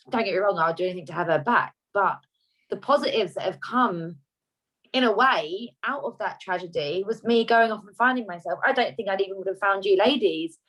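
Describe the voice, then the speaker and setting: A woman's voice: mid-range voice, poor audio. A woman on a video call sharing a heartfelt personal story in a rambling, self-correcting way.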